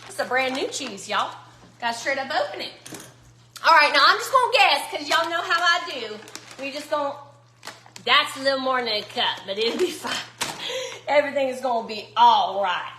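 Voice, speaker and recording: A woman's voice: high voice, expressive, moderate pace, bright, forceful tone, echoey room, a little hiss or hum. Chatty woman cooking at home. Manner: chatty, folksy, talks to viewers as y'all. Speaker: cooking vlogger. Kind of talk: casual cooking chat. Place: home kitchen, echoey.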